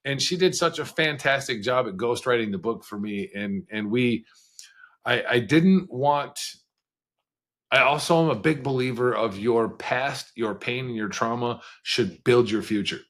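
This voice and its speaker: In a candid storytelling interview, a podcast guest with a mid-range, fairly bright voice shares his story frankly. He speaks conversationally in quick bursts and laughs occasionally.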